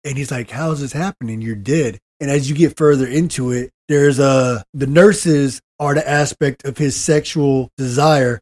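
A man co-hosting a casual podcast, telling a story in an animated way and cursing freely. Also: mid-range voice, a little slow, few pauses. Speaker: podcast co-host.

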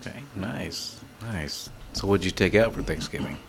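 Man, low voice, laid-back, joking, slight noise behind. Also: moderate pace, gravelly. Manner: relaxed, joking. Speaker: podcast co-host. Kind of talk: casual chat.

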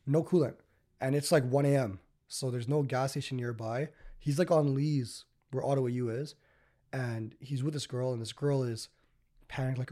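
A man's voice: medium pitch, fairly even intonation, moderate pace, mellow. Rambling man telling stories. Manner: rambling storyteller, many fillers like "like" and "you know". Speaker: podcast host. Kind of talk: casual podcast storytelling.

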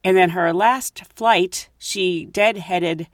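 A woman's voice: fairly low pitch, takes it slowly, no room sound, studio quality. A woman who hosts a podcast and works as a flight attendant, telling casual stories in a chatty way and laughing between story beats.

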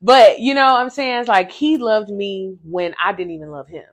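A woman hosting a casual faith podcast, telling a personal story with animated, emphatic repetition and speaking straight to her listeners. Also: medium pitch, moderate pace. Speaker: podcast host.

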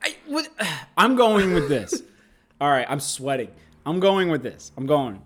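Man, higher voice, casual podcast banter, playful, laughs a lot. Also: big pitch swings, a little slow, fairly bright tone, husky. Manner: playful, mock-pondering, laughs often. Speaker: podcast co-host.

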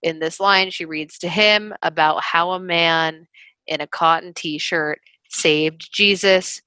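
A woman's voice: lowish voice, slow, no room sound. A woman co-hosting a podcast, retelling a movie plot in casual chat, acting out lines and swearing freely. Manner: animated storytelling, swears freely, acts out quotes. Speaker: podcast co-host.

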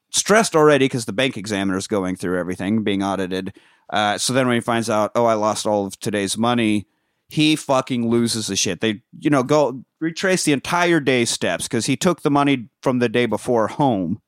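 A man casually recapping a film for a podcast, swearing freely and breaking into loud yelled impressions of the characters. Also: mid-range voice, dry recording, clean studio sound. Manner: acts out characters in loud yelling bursts. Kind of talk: casual profane chat.

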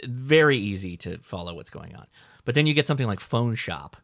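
A man's voice: fairly low pitch, animated, a little fast, a bit bright, no echo. A man hosting a casual podcast, joking around and reading listener mail aloud. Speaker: podcast host. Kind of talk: casual chat.

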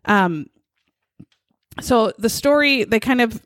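A woman hosting a casual storytelling podcast who talks in an animated, conversational way and swears often. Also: medium pitch, normal speed, no echo, clean studio sound. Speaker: podcast host. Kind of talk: casual true-crime storytelling.

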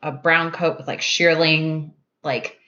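A woman's voice: deep voice, fairly even intonation, slow, pushed and bright, highs cut off. A woman co-hosting a podcast, gushing with enthusiasm and laughing often in casual chat. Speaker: podcast co-host.

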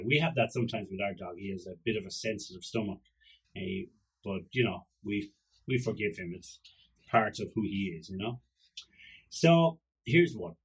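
A man with an Irish accent hosts a casual podcast, chatting loosely and telling stories about his dog. His voice is slightly husky, and he jumps into playful voices and salty language as he jokes. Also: mid-range voice, a bit bright, poor audio. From Ireland. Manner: rambling, joking, acts out voices and swears. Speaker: podcast host. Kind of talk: casual solo podcast monologue.

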